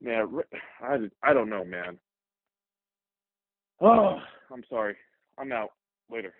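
A man's voice: medium pitch, big pitch swings, slow pace, no echo. A man from Fresno, California, calling in to a sports radio show, angry and swearing as he rants. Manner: angry, profane, agitated ranting. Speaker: caller. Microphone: phone. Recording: tinny phone line.

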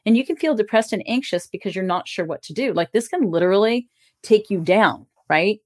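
A woman's voice: medium pitch, animated, fairly quick, a little mellow. A woman hosting a solo podcast as a relationship coach, speaking candidly about her own life in a loose, conversational way with casual swearing. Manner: candid, self-disclosing, casually profane.

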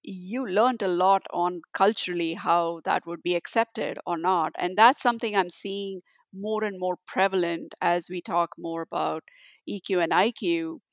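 A woman speaks as an interview guest, thoughtful and halting, often restarting her sentences. Her voice is clear and smooth. The recording is dry and close. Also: on the low side, steady tone, no room sound. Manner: halting, many restarts and fillers. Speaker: guest, tech leader. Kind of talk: conversational interview answer.

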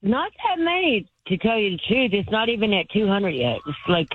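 A woman's voice: mid-range voice, sing-song, fairly quick, slightly rough, no echo. A woman calling in to a talk radio show from her front porch, chatty and sarcastic. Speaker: regular caller. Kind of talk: casual phone-in chat. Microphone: phone. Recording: dull lo-fi phone line. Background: wind chimes.

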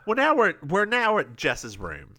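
A man's voice: sits high, wildly swooping pitch, unhurried, pushed and bright. A man co-hosting a podcast, recapping an episode in casual chat, campy and giggly, acting out bits of dialogue. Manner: campy, giggly, acts out quotes. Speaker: podcast co-host.

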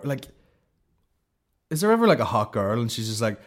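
A man's voice: mid-range voice, sing-song, fast, long pauses. A man hosting a comedy podcast, rambling in profane, sarcastic banter. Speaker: podcast host.

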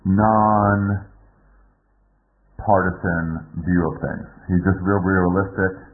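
A man's voice: low voice, fairly even intonation, extremely slow, phone-quality sound. A man hosting a podcast, giving a rambling, joking introduction with a fair amount of swearing. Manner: rambling, profane and self-mocking. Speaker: podcast host.

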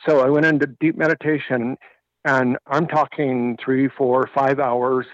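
A man's voice: medium pitch, flat delivery, measured pace, no room sound, dull audio. Earnest male radio guest telling a story.

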